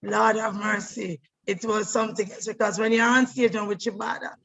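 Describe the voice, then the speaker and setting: A middle-aged actress, telling her life story in an animated way, often repeating words as she goes. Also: mid-range voice, normal speed, gravelly, poor audio. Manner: animated, repeats words, breaks into voices and laughter. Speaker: stage actress. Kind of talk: personal storytelling monologue.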